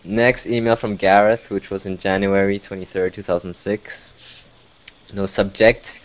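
A man with a fairly low voice hosts a casual podcast, reading out emails from listeners. He mumbles and jokes his way through them. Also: flat delivery, a little slow. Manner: mumbling, jokey, often laughing. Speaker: podcast host. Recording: lo-fi voice over internet call.

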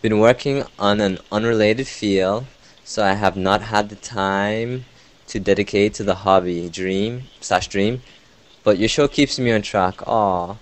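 A man's voice: fairly low pitch, rough recording. A male podcast host reading out listener email in casual chat, interrupting himself with asides, often sounding sarcastic without meaning to.

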